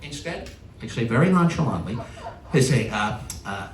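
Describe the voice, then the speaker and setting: New York man doing an animated stand-up rant. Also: medium pitch, normal speed. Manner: animated punchline delivery with exasperated rants. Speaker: stand-up comedian. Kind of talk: stand-up comedy routine. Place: stage in a large venue with a live audience. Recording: roomy live hall from a distance, audience noise. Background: audience laughter and applause.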